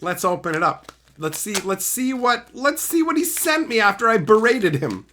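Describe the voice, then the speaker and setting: Man, live-stream chat, swearing, playful trash talk, laughs a lot, lively swooping pitch. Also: normal speed, a little hiss or hum. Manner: profane, mock-insulting trash talk; excitable, laughs often. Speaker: streamer opening card packs.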